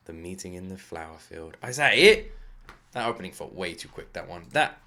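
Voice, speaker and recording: A man hosting an anime reaction video, talking in a rambling, excitable way, swearing freely and fighting off a lingering cough. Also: low-pitched, normal speed, a little hiss or hum. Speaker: anime reaction channel host. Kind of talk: casual reaction commentary.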